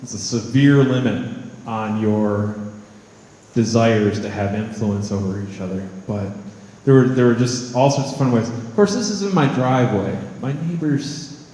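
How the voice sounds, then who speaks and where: A man's voice: mid-range voice, normal speed, dark tone. A man, an artist and college professor, giving a wry, joking, conversational talk to an audience in a large hall. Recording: echoey hall with long reverb.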